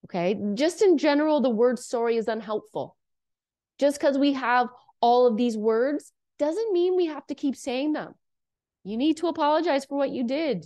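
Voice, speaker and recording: A woman's voice: sits high, a little mellow. A woman from Canada talking to camera about everyday habits in an earnest, coaching way, often checking in with "okay?" and "right?". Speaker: self-help speaker. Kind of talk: casual monologue to camera.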